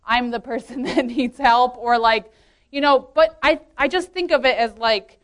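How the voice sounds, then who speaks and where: A woman's voice: a little high, moderate pace. A woman in her late twenties giving a casual, earnest testimony talk, chatty, filling her speech with "like" and laughing often. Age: 20s. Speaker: youth leader speaking at a women's meeting.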